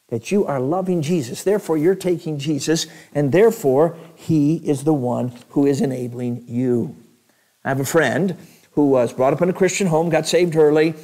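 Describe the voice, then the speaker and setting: A man's voice: a little high, a little mellow. A male evangelist preaching a sermon in a church, telling stories in a conversational way with chuckles.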